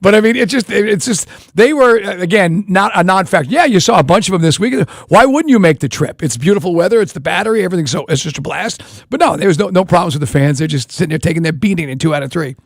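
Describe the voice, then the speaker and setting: Radio sports host guy, talks super fast and kinda high, rambly and animated, dry studio sound. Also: no room sound. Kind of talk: casual sports talk.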